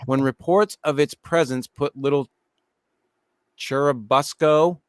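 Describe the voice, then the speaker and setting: A man's voice: on the high side, steady tone, slow, smooth, dry recording. A man hosting a casual podcast, reading out stories and chatting with lots of swearing. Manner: swearing, storytelling, reads segments aloud. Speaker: podcast host.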